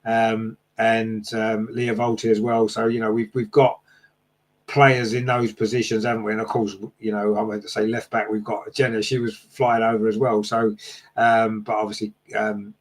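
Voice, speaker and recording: A man's voice: lowish voice, little pitch movement, normal speed. A man hosting a casual fan podcast, reading out live chat comments and answering them with lots of fillers and tag questions.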